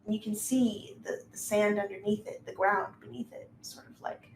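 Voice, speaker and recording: A woman's voice: medium pitch, fairly even intonation, moderate pace. A woman narrating as game master of a tabletop game, casual and descriptive, with many fillers. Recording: echoey room with faint noise.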